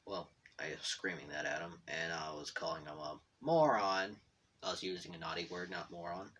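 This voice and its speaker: A man's voice: sits low, moderate pace, fairly bright tone, breathy edge. A man telling a meandering story from his bedroom while drawing, self-deprecating and tripping over his words. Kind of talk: rambling casual storytelling. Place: bedroom at home.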